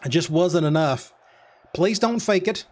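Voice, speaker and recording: A man talks through a football video game in a casual commentary. His voice sits a touch high, and he mutters play calls and quick reactions as though half talking to himself. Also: animated. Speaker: gaming commentator.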